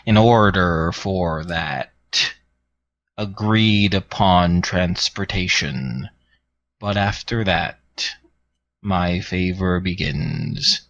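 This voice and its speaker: Guy doing a solemn deal-making being in a tabletop game, slow and formal, kinda low. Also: fairly bright tone, no echo, dull audio, exaggerated voice. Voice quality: slow, measured, formal delivery. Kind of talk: game master voicing a character.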